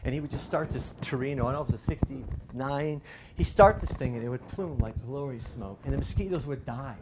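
A man's voice: mid-range voice, fairly quick, background noise. A middle-aged man, preaching a sermon in a loose, conversational storytelling way, often restarting his sentences. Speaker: pastor.

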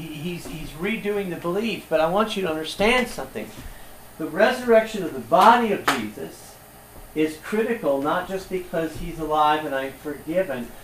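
A male preacher delivers an impassioned sermon, moving between hushed, reflective passages and forceful, rising peaks. His voice sits a little higher than average. He is recorded from some distance in a reverberant room, with faint ambient noise behind him. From United States. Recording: echoey room from far off.

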